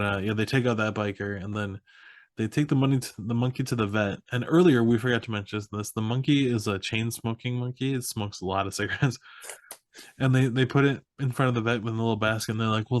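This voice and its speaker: A man's voice: medium pitch, no echo. A young man co-hosting a podcast, retelling a movie plot casually and often laughing as he acts out the characters' lines. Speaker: podcast co-host. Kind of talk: casual movie recap chat.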